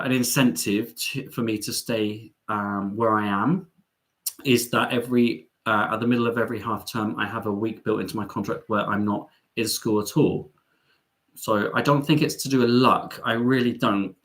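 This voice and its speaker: A man's voice: medium pitch, a bit bright. Chatty, sarcastic middle-aged man. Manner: chatty, self-mocking, sarcastic asides, many ums. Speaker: travel vlogger hosting a live stream. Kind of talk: casual live-stream chat reading viewer comments.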